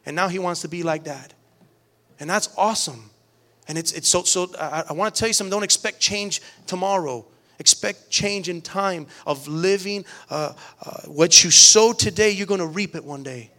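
High-voiced man preaching earnestly. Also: normal speed, sharp tone. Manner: earnest, repetitive restarts, rising emphatic preaching. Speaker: pastor. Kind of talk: sermon.

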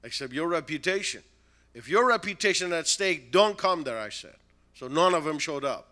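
A man preaching a storytelling sermon, animated, with broken-English phrasing and frequent chuckles. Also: a little high, normal speed.

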